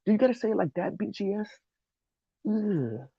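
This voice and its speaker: A whiny, high-pitched critic nags in a mocking sing-song, as a man puts him on. The tone is husky and the recording sounds dull and dry. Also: lively intonation, normal speed, no echo, exaggerated voice. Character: whiny scolding critic, male adult.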